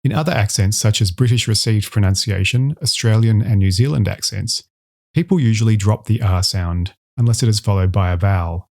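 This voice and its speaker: Low-voiced man narrating an alphabet lesson. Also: a little mellow. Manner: slow, careful enunciation of example sounds. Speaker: instructor. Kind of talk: scripted educational narration.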